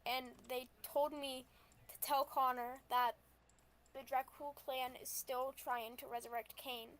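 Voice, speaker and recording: A woman voicing an earnest, shaken young female vampire in a tabletop game, talking in halting, stammering restarts. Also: high-pitched, flat delivery, a bit bright.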